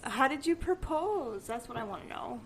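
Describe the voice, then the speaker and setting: A woman hosting a casual podcast, introducing guests in a loose, halting way. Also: sits high, animated, heavy background noise. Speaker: podcast host. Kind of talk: casual chat.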